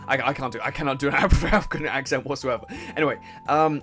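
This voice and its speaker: A young man giving casual, swearing, laughing commentary on a game he plays, and he keeps clearing his throat. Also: fairly high pitch, steady tone, rapid-fire, few pauses, fairly bright tone, faint music behind. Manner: chatty, swearing, laughs a lot, self-interrupting. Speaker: let's play host.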